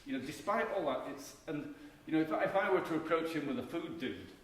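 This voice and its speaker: A man's voice: fairly high pitch, animated, fast talker. A middle-aged man giving a conference keynote lecture, talking in a conversational, emphatic way with frequent restarts. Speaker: keynote speaker, marketing professor. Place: conference hall. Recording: echoey hall recording with faint background noise.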